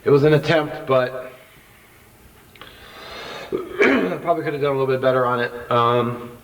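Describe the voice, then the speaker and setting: A man's voice: mid-range voice, moderate pace, fairly bright tone. A man in casual stream chat, talking mildly and hesitantly, a bit self-critical about his cooking. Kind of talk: casual chat while eating. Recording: distant, muffled mic.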